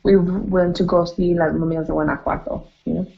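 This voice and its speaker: A woman's voice: fairly low pitch, fairly even intonation, fairly quick, creaky, dull audio, a crowd in the background. A woman from New Mexico chatting casually in a truck cab, rambling on about her plans. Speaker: co-driver on a trucking trip. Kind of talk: casual chat.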